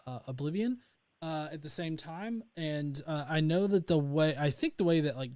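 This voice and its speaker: A young man from North Alabama, USA, hosts a casual livestream in a voice on the high side and a little mellow. He rambles, full of fillers and restarts.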